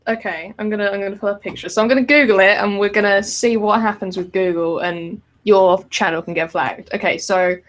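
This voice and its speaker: British woman co-hosting a podcast, chatty, laughs a lot, mid pitch. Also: steady tone, a little fast, few pauses. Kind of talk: casual chat.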